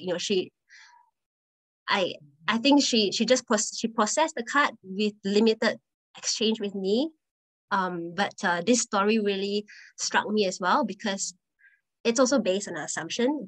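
A woman's voice: medium pitch, low-quality recording. A woman guest speaker telling personal stories in a presentation talk, conversational and earnest, often restarting her phrases.

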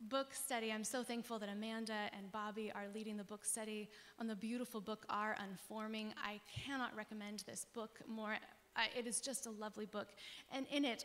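A woman pastor giving an earnest, conversational sermon with emphatic pauses. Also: a little high. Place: church sanctuary. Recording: long church reverb.

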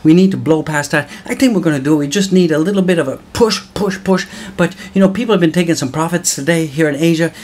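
A man's voice: a little high, fast, hardly any pauses, a little mellow. Hyped, whooping man hosting market commentary. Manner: hyped, exclamatory, whooping, calls viewers guys. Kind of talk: excited solo market commentary.

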